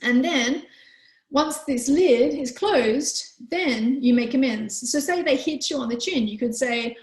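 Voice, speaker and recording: Woman, workshop host, gentle, calm, explaining, fairly high voice, roomy echo. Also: a little slow. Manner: gentle, calm, explanatory, with frequent "you know". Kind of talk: live online workshop Q&A.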